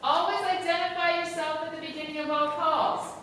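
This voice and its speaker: A woman teacher giving a brisk, instructive classroom lesson, tending to talk fast, recorded from far off in a large echoey room. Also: sits high, steady tone, bright, forceful tone. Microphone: camera far from the speaker. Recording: echoey hall audio from far off, background noise.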